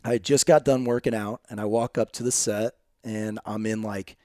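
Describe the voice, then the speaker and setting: A man from Illinois, a guest actor telling stories in a casual, animated way with casual swearing. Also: on the low side, moderate pace, no echo, clean studio sound. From Illinois, USA. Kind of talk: casual podcast chat.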